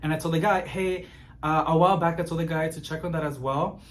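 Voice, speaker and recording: A man telling a story in casual chat, expressive and growing exasperated as he vents. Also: a little high, quick pace. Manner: expressive, gets animated and exasperated while venting. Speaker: plant vlogger.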